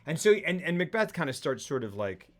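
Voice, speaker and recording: A man's voice: a little high, big pitch swings, a little fast, faint music behind. A man co-hosting a casual film talk show, recapping a plot in a rambling way and acting out the characters' lines. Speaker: podcast co-host. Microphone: streaming mic.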